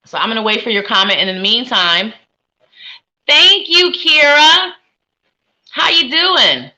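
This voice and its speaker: A woman hosts a live tarot reading stream in a very bright, sharp voice. She talks in an upbeat sing-song, greeting viewers one after another. Her pitch sits a little high for a woman. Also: animated, a little slow, low-quality recording. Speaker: psychic and tarot reader hosting a live stream. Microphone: webcam with ring light.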